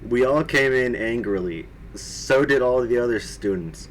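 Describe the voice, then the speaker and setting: Reading a story aloud a little slowly in a lowish voice, the young man breaks off to laugh at and mock the writing, adding his own commentary. There's a slight hiss or hum in the background.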